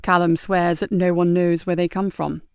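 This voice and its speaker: A woman voicing a weary, steady male police sergeant who talks low and measured. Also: clean tone, no room sound, clean studio sound, lightly acted. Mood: calm.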